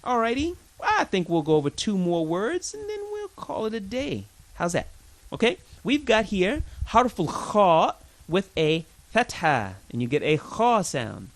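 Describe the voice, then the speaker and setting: Man, Arabic teacher, slow pace, animated pitch, patient repetition drills, casual lesson. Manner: chatty and informal with learners. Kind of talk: recorded language lesson.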